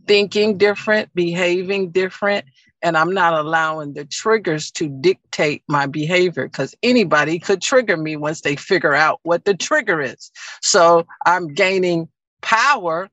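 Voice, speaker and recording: A woman on a group video call, talking about her own growth in a reflective, measured way. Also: on the low side, a bit bright, dry recording, muffled recording. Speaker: call participant. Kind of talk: casual group chat.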